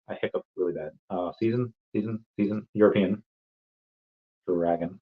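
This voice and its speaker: A man's voice: sits low, normal speed, muffled recording. A man hosting a casual livestream, answering chat questions in a rambling way and often repeating words as he restarts.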